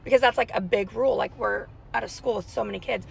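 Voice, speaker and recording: A woman's voice: mid-range voice, quick pace, vocal fry, a little hiss or hum, poor audio. Anxious chatty woman vlogging from her car. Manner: chatty, anxious, rambling storytelling. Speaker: parent vlogger. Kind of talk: casual storytime vlog. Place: in a car in a school pickup line. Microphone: phone held in car.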